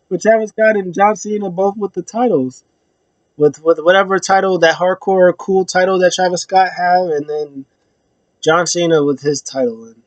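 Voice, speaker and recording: A young man recapping wrestling in a loose, slangy vlog style. His voice sits a little high, and he breaks into pitched-up imitations of the wrestlers. The sound is dry and close, with no room around it. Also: no echo. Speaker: wrestling show reviewer. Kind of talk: casual opinion vlog.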